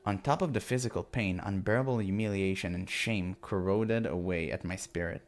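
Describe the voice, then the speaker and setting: Man, fairly low voice, steady first-person visual novel narration, earnest. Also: normal speed, hardly any pauses. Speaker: let's-play narrator.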